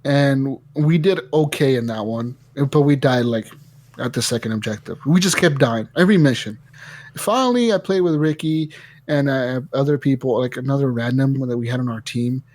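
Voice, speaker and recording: A man hosting a casual gaming podcast, telling stories in an animated way and swearing a lot. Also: mid-range voice, normal speed. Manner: animated storytelling, heavy swearing. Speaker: podcast host.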